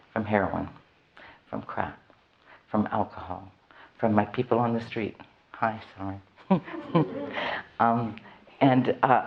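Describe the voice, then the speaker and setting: A woman's voice: extremely low pitch, creaky, slightly rough, lo-fi sound. A woman frankly telling her recovery story to a live audience, with a wry, self-mocking humor. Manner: candid, wry, laughs often at herself. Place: event hall with an audience.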